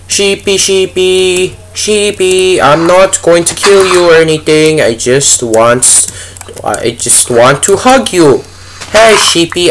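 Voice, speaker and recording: Young male gaming host, goofy and chatty, lively pitch, slow delivery, faint noise. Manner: goofy, chatty, talks to the game animals. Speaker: gaming YouTuber. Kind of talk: casual let's play commentary.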